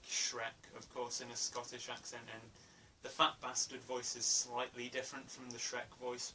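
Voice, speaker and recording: A man's voice: medium pitch, bright, forceful tone. A man giving a casual spoken film review, hesitant, with many fillers and restarts. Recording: distant mic, faint room noise.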